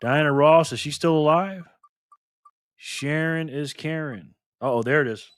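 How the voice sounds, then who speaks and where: Lively teasing man hosting a live stream. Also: fairly high pitch, measured pace, slight background noise. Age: middle-aged. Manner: lively, teasing, laughs often, reacts to chat. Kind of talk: casual live stream chat.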